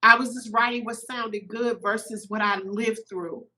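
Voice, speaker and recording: A middle-aged woman, a podcast guest, telling a personal story in an animated way, a little teary-eyed. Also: a little high, normal speed, low-quality recording. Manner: animated, acts out quoted voices.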